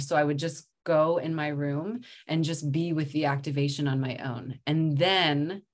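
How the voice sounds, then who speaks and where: A woman in her thirties, a mother and somatic practitioner, speaking calmly and reflectively as a podcast guest, laughing often. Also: deep voice, moderate pace. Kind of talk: casual podcast interview.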